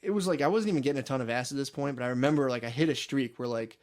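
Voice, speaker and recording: A man's voice: mid-range voice, racing, a little mellow. A man co-hosting a podcast, telling a rambling, profane story in casual chat. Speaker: podcast co-host.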